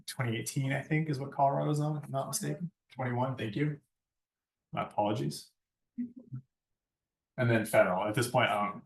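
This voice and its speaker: A man giving a conversational lecture on lighting design, often tagging his points with a questioning "right?". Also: medium pitch. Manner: conversational, keeps asking "right?". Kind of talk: classroom lecture. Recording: echoey room, far from mic.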